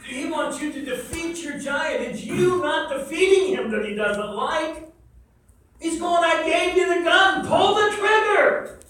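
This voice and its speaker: A pastor preaches a sermon in a church sanctuary, emphatic and repetitive, quizzing his congregation. His voice is extremely high-pitched and fairly bright. The recording sounds distant, with an echoey hall and faint noise.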